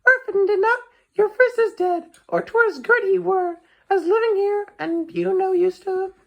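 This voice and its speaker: A woman's voice: very high voice, fairly even intonation, moderate pace, creaky, fairly bright tone, exaggerated voice. A woman doing a gossipy old nurse. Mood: coaxing. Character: chatty earthy old female nurse. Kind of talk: amateur Shakespeare reading.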